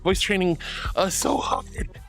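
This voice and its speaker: A woman's voice: medium pitch, fairly even intonation, takes it slowly, music in the background. A woman streamer chatting casually with viewers, playful and dramatic, calling them honey and sweetie. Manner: playful and dramatic, often laughing. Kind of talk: casual livestream chat.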